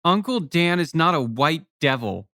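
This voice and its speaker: An excitable little girl chatters away in a high, bright voice, put on by a man reading an audiobook. She is eager and breathless, and the sound is dry and close. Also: a little slow, dry recording, full character voice.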